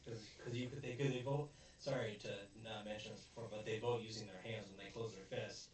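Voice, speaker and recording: A man's voice: lowish voice, steady tone, a little fast. Rambling man recapping a film in an echoey room. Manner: rambling, searches for words, acts out quotes. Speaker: video host, film reviewer. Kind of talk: casual chat. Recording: very echoey room, distant mic, faint noise.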